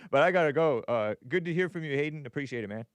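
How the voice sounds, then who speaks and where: Smooth, dry-voiced male talk host. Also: a little high, lively intonation, quick pace, dry recording. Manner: chatty, laughs often, reads super chats aloud. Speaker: call-in show host. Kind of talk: casual call-in radio talk.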